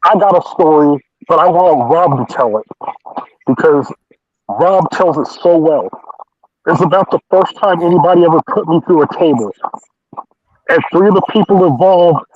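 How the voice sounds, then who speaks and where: A man's voice: on the high side, normal speed, a little mellow, highs cut off. A man co-hosting a podcast, chatting casually and prompting a friend to tell a story. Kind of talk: casual chat on a call.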